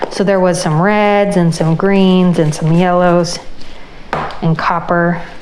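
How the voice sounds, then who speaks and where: A woman's voice: fairly low pitch, takes it slowly, a little hiss or hum, poor audio. Woman explaining an ice-dye craft. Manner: relaxed, explains as she works. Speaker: crafting channel host. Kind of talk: casual craft tutorial.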